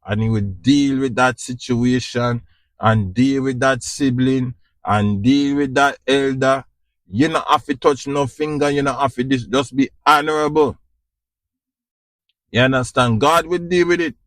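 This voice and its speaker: Recorded dry, the voice is a man's: medium pitch, steady, fairly bright, and measured in pace. He hosts a podcast with a Jamaican accent, giving a preachy, repetitive spiritual talk in an informal way and frequently checking if you understand.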